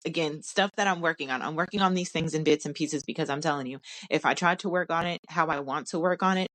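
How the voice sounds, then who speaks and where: A woman's voice: low voice, fast talker, a bit bright. Candid young woman, tearful and stuffy-nosed. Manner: candid, emotional, casual slang. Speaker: vlogger. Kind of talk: personal vlog reflection.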